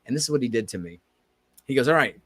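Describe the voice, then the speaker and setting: A man co-hosting a podcast, telling a story in casual chat and acting out the quoted dialogue with lively energy. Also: medium pitch, fast talker, breathy edge, no room sound. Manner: animated, acts out quoted dialogue. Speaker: podcast co-host.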